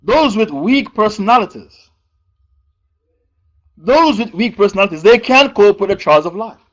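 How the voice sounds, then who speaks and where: A man preaching an evening religious lesson, slow and deliberate, repeating key phrases and putting questions to his audience. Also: high-pitched, expressive, a bit bright, muffled recording. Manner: repeats verse numbers and key phrases for emphasis. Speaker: Islamic preacher teaching Quran commentary.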